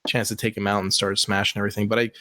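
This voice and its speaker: A man's voice: lowish voice, little pitch movement, racing, pushed and bright, no echo. A man co-hosting a podcast in casual, rambling chat with lots of fillers. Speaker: podcast co-host. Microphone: online call recording.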